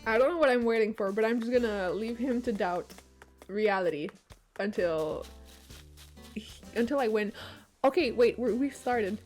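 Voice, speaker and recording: A young woman chatting casually on a game stream, excitable and swearing, with frequent laughs. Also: fairly high pitch, normal speed, pauses often, faint music behind. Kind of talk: casual live-stream chat while gaming.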